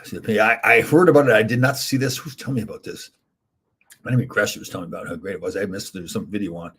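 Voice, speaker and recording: Husky, rambling middle-aged male streamer. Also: fairly low pitch. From Canada. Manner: rambling, chatty, reads viewer comments aloud. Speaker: livestream host answering chat. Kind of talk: casual chat.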